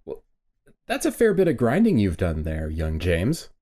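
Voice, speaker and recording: Wry low-voiced man on a podcast. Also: huge pitch swings, mellow. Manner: wry, joking, drawn-out metaphors. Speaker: podcast co-host. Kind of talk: casual gaming podcast chat.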